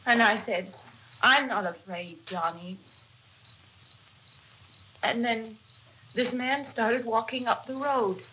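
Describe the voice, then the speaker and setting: A woman doing a scared, shaky young woman, slow and bright, faint hiss behind. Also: on the high side, poor audio. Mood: dazed. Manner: halting, faltering speech. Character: frightened young woman, dazed and fragile. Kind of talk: dramatic reading.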